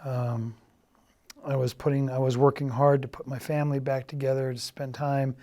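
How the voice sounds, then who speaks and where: A middle-aged man giving a halting, earnest confessional testimony, often dropping to a quiet, subdued tone. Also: mid-range voice, flat delivery. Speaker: church member giving a personal testimony.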